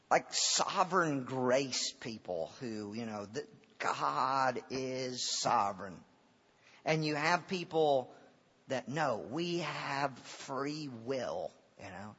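A man preaching a sermon as a pastor, earnest and full of halting restarts. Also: a little high, sharp tone. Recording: long hall reverb, dull lo-fi sound.

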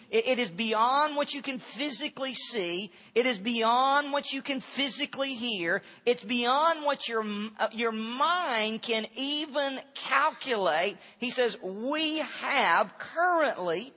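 A pastor teaching a Bible passage in a sermon, conversational and then emphatic on key lines. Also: male voice, high voice, bright, forceful tone. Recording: dull audio with long reverb in a large hall.

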